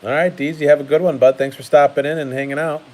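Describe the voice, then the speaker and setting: A man's voice: fairly high pitch, fairly even intonation, fast, darkish tone, low-quality recording. A man hosting a casual card-collecting live stream, chatty and laughing often while he sorts cards at his table.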